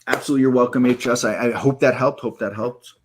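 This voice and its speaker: A man hosting a live trading stream, walking through software in a loose, rambling way with many fillers and self-corrections, and hiccups now and then. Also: mid-range voice, fairly even intonation, quick pace, slight background noise. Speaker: live trading room host.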